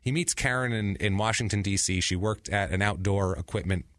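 A man's voice: on the low side, a little fast, fairly bright tone, no room sound, studio quality. A man hosting a podcast, telling a crime story casually with many restarts and asides. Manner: rambling, frequent restarts and asides. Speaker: podcast host.

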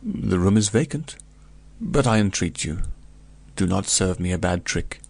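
A fawning middle-aged innkeeper from an old storybook, obliging yet nervous, hemming before awkward answers, as a man reads him aloud. The voice is raised above a low, gravelly base. It stays polite and eager to please. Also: animated, a little slow, a little mellow, full character voice. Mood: uneasy. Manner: obliging, hesitant with "uh".

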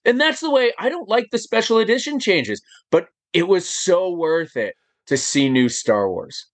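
Male podcast guest, animated chatter, fairly high and very lively voice. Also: normal speed, no room sound. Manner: animated, emphatic, rhetorical questions. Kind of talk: casual chat.

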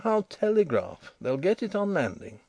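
Gruff bossy young guy in a storybook, a male reader doing him, lively delivery, dry close sound. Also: sits high, normal speed, no echo, pitched above the performer's own voice, full character voice. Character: impulsive young man, gruff and masterful.

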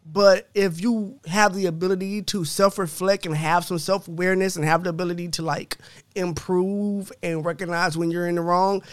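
Male podcast host, high voice, blunt and profane, dry close recording. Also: steady tone, moderate pace, dry recording. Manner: blunt, profane, laughs often. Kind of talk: casual chat reading comments.

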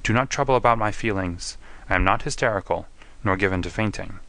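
A man's voice: on the low side, fairly quick, fairly bright tone. Man voicing a firm Victorian lady. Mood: earnest. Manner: earnest, pleading, firm. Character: composed, forthright Victorian wife, woman. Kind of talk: audiobook reading.

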